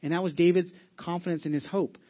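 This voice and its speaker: A man's voice: fairly high pitch, steady tone, quick pace, lo-fi sound. A male pastor giving a sermon in an earnest, conversational way, often restarting his sentences. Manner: earnest, conversational preaching with frequent restarts and fillers.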